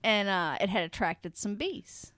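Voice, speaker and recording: A woman's voice: mid-range voice, lively intonation, a little slow, fairly bright tone, dry recording, clean studio sound. A woman co-hosting a podcast, chatting loosely with lots of fillers. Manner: loose, rambling with many fillers. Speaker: podcast co-host. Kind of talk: casual chat.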